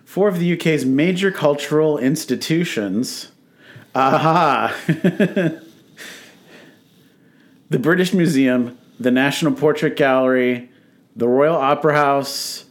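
A man's voice: on the high side, slow, pauses often. A man hosting a radio talk show, reading a press release aloud with jokes, slips and self-corrections. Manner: joking, self-correcting, laughs while reading. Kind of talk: casual on-air chat reading a press release.

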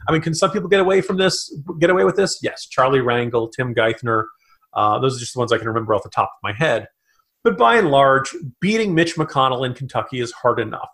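Man, gravelly voice, political podcast co-host, animated commentary chat. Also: medium pitch. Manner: animated, talks in quick bursts with asides.

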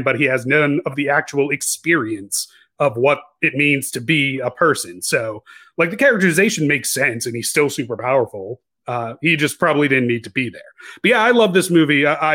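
Bright-voiced man rambling casually. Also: a little high. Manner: rambling, self-correcting restarts. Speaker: podcast co-host. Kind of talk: casual podcast review chat.

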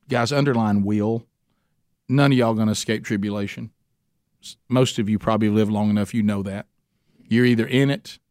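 A man's voice: lowish voice, a little mellow, dry recording, studio quality. A man preaching a sermon as a pastor in a folksy, conversational way, full of asides and restarts.

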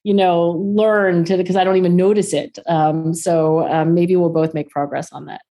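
A middle-aged woman chatting as a guest on a podcast, animated and full of fillers. She laughs easily as she talks. Her voice sits a bit on the low side. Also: moderate pace. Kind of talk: casual interview conversation.

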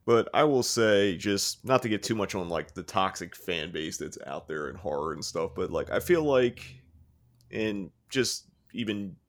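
A man's voice: deep voice, lively intonation, unhurried. A man hosting a casual interview, supportive of his guest and blunt, with some swearing. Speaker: podcast host.

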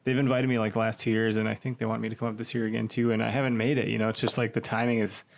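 A young man hosting a podcast, chatting in a quick, upbeat and friendly way. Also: on the low side, flat delivery, vocal fry, highs cut off. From Wisconsin, USA. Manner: fast-talking, upbeat, friendly. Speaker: podcast host. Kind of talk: casual interview chat.

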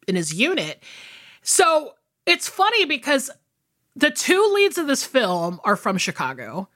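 Woman podcast co-host, bright lively delivery, loose rambling chat with fillers. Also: mid-range voice. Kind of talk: casual movie podcast chat.

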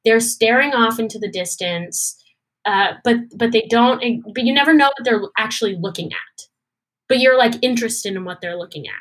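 A young woman, a guest performer, telling a story in a casual interview and acting out the quoted dialogue with lively energy. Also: fairly high pitch, moderate pace. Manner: animated, acts out quoted dialogue.

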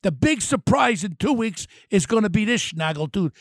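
An older man, ranting angrily and mockingly about politics on his podcast, shouting in bursts. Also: very high-pitched, very animated, moderate pace, vocal fry, hardly any pauses, no echo, studio quality. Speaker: podcast host. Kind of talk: angry political rant.

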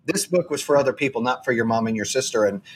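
A man hosts a podcast in a casual interview chat, speaking earnestly and rambling with frequent restarts. His voice has a husky, slightly rough texture. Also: medium pitch, expressive, fast talker. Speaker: podcast host.

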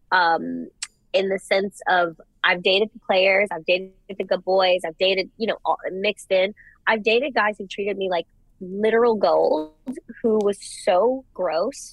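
A young woman co-hosting a casual podcast chat, gushing and animated as she gives her opinions. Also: medium pitch, no room sound, poor audio. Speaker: podcast co-host.

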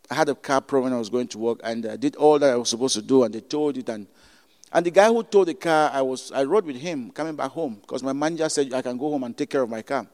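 Man, Cameroonian accent, preacher, high voice, emphatic repetition, long hall reverb. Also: a little mellow. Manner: emphatic, repeats phrases, stammers into stories. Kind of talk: sermon.

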